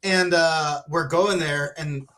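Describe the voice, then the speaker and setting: Guy with a high bright voice, cussing, telling game stories all fired up. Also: takes it slowly. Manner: animated storytelling, swears freely. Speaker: podcast co-host. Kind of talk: casual chat.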